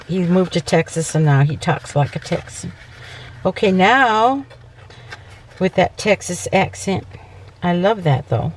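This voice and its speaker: The host of this casual papercraft tutorial is a woman whose voice is lowish, recorded with a little hiss or hum. She keeps things chatty, often correcting herself and asking "okay?" along the way.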